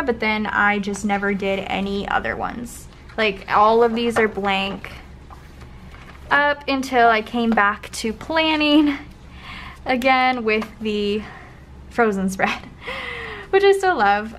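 A young woman flipping through her old planner spreads in a casual vlog, often trailing into soft, breathy gushing asides. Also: on the high side, measured pace. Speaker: planner vlogger. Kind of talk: casual flip-through commentary. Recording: faint background noise.

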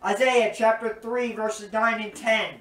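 A high-pitched man preaches slowly and earnestly, leaning on repetition for emphasis. He sounds set back from the mic in a roomy, echoing space. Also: fairly even intonation, fairly bright tone. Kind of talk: recorded sermon teaching. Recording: roomy echo, distant from mic.

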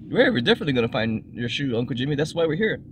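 A man's voice: mid-range voice, big pitch swings, rapid-fire, background noise. A man chatting playfully and reassuringly in a casual vlog, recorded inside a car. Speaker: vlogger.

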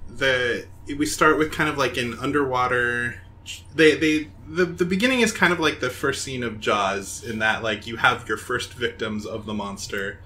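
A man co-hosting a casual podcast, halting and wry, full of fillers. His voice is bright and forceful in a middle register. A faint hiss sits under the recording. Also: mid-range voice. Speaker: podcast co-host.

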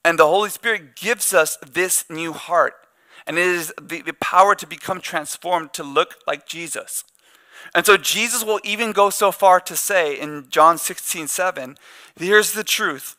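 Bright, high-voiced man preaching. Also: moderate pace. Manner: conversational, joking asides. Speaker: pastor. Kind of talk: sermon. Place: church.

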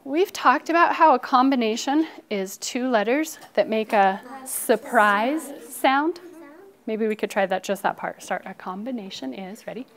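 A woman teacher telling a phonics story to children, expressive and coaxing them to repeat after her. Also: fairly high pitch, a little slow.

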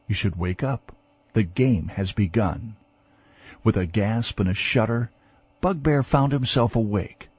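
A man narrating a fantasy novel in a dramatic, measured storytelling manner. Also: mid-range voice, a little mellow, breathy edge, no room sound. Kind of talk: scripted audiobook narration.

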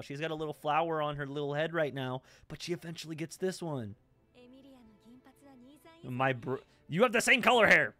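A man's voice: fairly high pitch, pushed and bright. A young man hosting an anime reaction, blurting questions, swearing at the screen and cooing over cute moments. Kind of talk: live anime reaction commentary.

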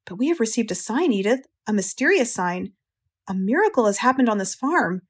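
Lady reading as a wide-eyed farmer guy, earnest and pushy, breathy storybook voice. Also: on the high side, big pitch swings, fairly quick. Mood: solemn, insistent. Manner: earnest, urgent insistence. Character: awestruck middle-aged male farmer.

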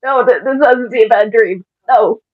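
A woman's voice: a little high, normal speed, close to an everyday voice. A woman voicing a frightened young male ink creature in a Minecraft roleplay, stammering, panicky and pleading. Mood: panicked. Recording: dull lo-fi mic.

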